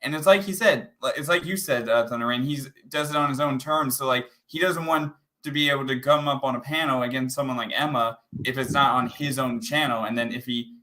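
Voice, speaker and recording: A man's voice: medium pitch, brisk, few pauses, pushed and bright, low-quality recording. A man hosting a livestream panel, talking casually and rambling with many restarts. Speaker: livestream host.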